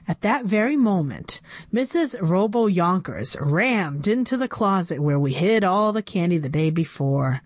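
A woman reading a children's chapter book aloud with expressive storytelling. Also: lowish voice, a little slow, no echo.

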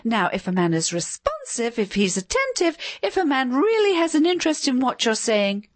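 A woman voicing a wealthy ghost wife who scolds her husband in a shrill, piercing, high-pitched voice, triumphant and never pausing. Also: wildly swooping pitch, no echo. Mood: prattling. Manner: scolding, triumphant, nonstop chatter.

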